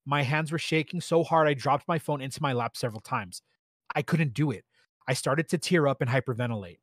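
A man reads a first-person story aloud in a steady, plain voice of middle pitch, stumbling now and then over a word. The sound is dry and close, with no room around it. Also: fairly quick, no echo. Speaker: story narrator.

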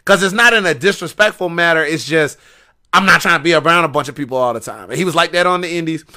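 A man telling wrestling stories on a podcast, animated and slangy, often repeating himself. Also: a little high, fast talker. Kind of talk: casual podcast storytelling.

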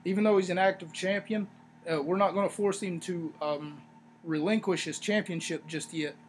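A man hosting a wrestling review podcast, talking casually in a rambling, sarcastic way with animated asides. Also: sits high, moderate pace, slight background noise. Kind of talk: casual solo review talk.

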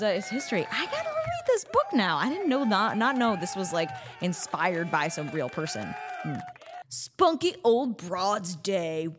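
A woman hosting a podcast, talking casually and chattily, with bubbly asides and sudden squeals of surprise. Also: a little high. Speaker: podcast host. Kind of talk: casual solo podcast monologue.

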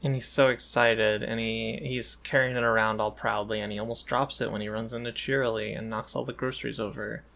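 A man's voice: on the low side, fairly quick, vocal fry, hardly any pauses. A man co-hosting a podcast, chatting casually and agreeably as he recaps a cartoon episode. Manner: relaxed, agreeable, lots of fillers. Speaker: podcast co-host.

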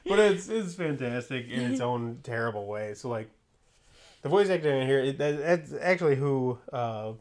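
A man's voice: mid-range voice, normal speed, darkish tone. A man co-hosting a podcast in casual chat, talking loosely with many fillers and restarts. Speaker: podcast co-host.

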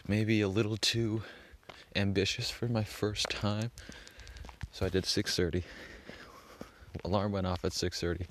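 A young man talks into his phone in a loose, rambling vlog, stacking "like" and casual swearing. His voice sits very low. A faint hiss runs under it. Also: little pitch movement, a little slow. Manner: rambling, swears a lot, heavy use of "like". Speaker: vlogger.

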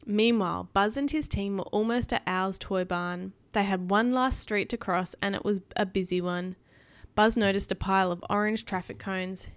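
A woman reads a storybook aloud to a child at home, gentle and patient in her pacing. Her voice sits mid-range and the room is dry and close. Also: medium pitch, normal speed, clean tone, no room sound. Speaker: parent reading to a child.

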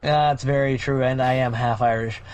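A man with a mid-range, slightly mellow voice co-hosts a podcast at a moderate pace, his intonation fairly even. It's casual news chat, full of rambling, jokes and plenty of swearing.

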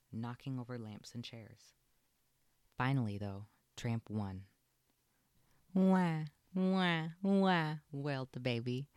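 A man's voice: medium pitch, dry recording. Man reading a storybook aloud. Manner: expressive, storytelling lilt. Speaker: narrator. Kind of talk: storybook read-aloud narration.

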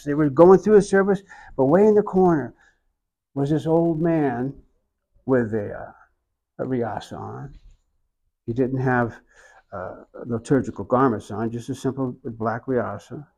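An older man from Oklahoma with an Oklahoman accent, telling his own story in an interview in a reflective, unhurried way with soft asides. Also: a little high, rough recording.

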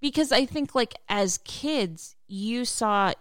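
A woman's voice: on the high side, animated, takes it slowly, no echo. A young adult woman in casual film chat, chatty and full of filler "like"s. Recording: dry close sound.

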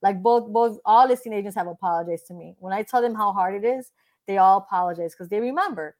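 A woman realtor talks casually and quickly in an interview, her voice at medium pitch. She is blunt and animated, often acting out what other people told her.

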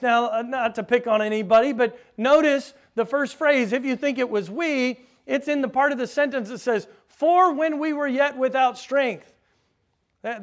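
High-voiced man preaching a sermon. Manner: teacherly, quizzes the congregation, hammers key words slowly.

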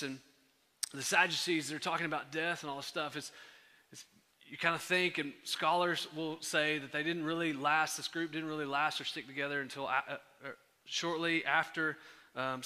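A pastor delivering a sermon in a conversational way, full of fillers and restarts. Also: male voice, on the high side, bright, forceful tone, long reverb tail.

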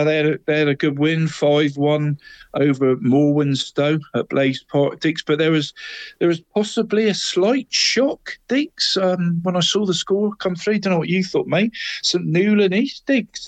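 A man's voice: fairly high pitch, dry recording. A man co-hosting a local football show, chatting casually and calling his co-host "mate" and by nickname in nearly every line. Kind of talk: casual sports chat.

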